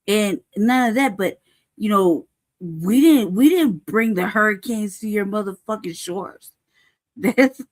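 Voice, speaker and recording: A woman hosting a podcast, delivering a heated, profane rant full of rhetorical questions, laughing often and asking "you know what I mean". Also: fairly high pitch. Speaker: podcast host. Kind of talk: unscripted political commentary.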